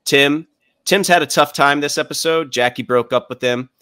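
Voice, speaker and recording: A man's voice: fairly high pitch, moderate pace, sharp tone, smooth, dry recording, studio quality. A man co-hosting a podcast, thoughtfully recapping scenes at length in casual chat. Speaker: podcast co-host.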